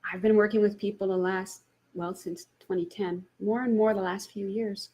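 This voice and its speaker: A woman's voice: medium pitch, steady tone, moderate pace, dark tone, husky. A woman, a spiritual teacher, telling a personal story and laughing often as she retells it.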